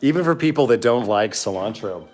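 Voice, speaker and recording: A man hosts a relaxed home cooking video, his pitch sitting right in the middle and his talk loose and jokey. He rambles through each step with plenty of fillers and teasing asides. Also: a little fast, soft background music. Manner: joking, rambling with many fillers. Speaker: home cook and show host. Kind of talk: casual cooking demo with banter. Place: home kitchen.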